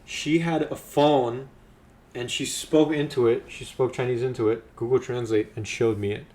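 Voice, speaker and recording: A man hosting a podcast, telling a story in lively casual chat with slang. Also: mid-range voice, moderate pace. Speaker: podcast host.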